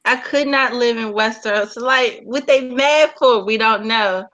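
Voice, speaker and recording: Animated, profane woman chatting. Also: fairly high pitch, a little slow, lo-fi sound. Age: 40s. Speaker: podcast co-host. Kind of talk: casual chat.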